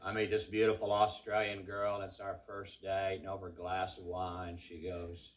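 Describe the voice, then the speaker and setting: A man with a West Texas drawl doing a stand-up comedy set, telling stories in a dry, unhurried way. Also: low voice, monotone.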